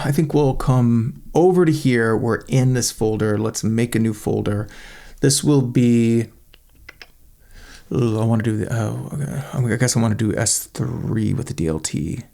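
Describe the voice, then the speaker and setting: A man at an ordinary pitch talks through a software tool on screen, thinking aloud as he goes. His delivery is casual and enthusiastic, like a host walking viewers through his own test run. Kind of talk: screen-recorded software walkthrough.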